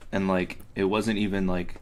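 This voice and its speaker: A man's voice: low-pitched, little pitch movement, moderate pace. A young man who is a podcast guest, talking loosely with lots of fillers and frequent laughs. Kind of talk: casual podcast chat.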